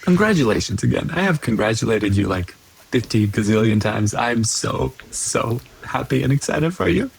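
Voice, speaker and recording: A man's voice: mid-range voice, animated, moderate pace, vocal fry, slightly rough, low-quality recording. A man co-hosting a podcast, chatting casually and teasing playfully. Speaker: podcast co-host. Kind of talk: casual chat.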